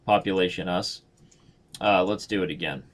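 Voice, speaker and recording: A man's voice: sits low, moderate pace. Chatty joking man streaming chess. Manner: chatty, joking, self-mocking, thinks aloud. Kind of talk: casual live-stream commentary.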